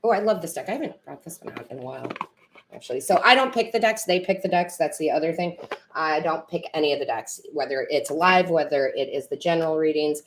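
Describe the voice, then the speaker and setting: A woman's voice: sits low, quick pace, slight background noise. A woman tarot reader and medium chatting with viewers on a live stream, rambling and correcting herself, teary and emotional.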